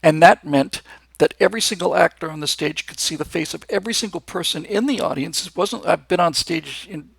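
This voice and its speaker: A man's voice: fairly high pitch, fairly quick, gravelly, breathy edge, no room sound. A man hosting a live show, talking in a casual, enthusiastic and rambling monologue, with frequent restarts. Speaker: host.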